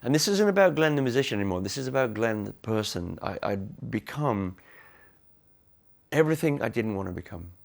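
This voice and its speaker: A man from the Midlands speaking candidly in a documentary interview, halting and restarting as he talks. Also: mid-range voice, very animated, creaky. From Cannock, England. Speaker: interviewee, musician.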